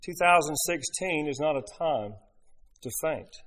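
A middle-aged man preaching a sermon, asking his listeners rhetorical questions and leaning on emphatic pauses. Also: on the high side, animated, fairly bright tone. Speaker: pastor.

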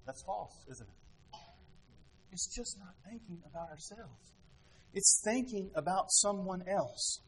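A man's voice: high-pitched, lively intonation, slow pace, rough recording. A man giving a conversational sermon as a pastor, often asking rhetorical questions.

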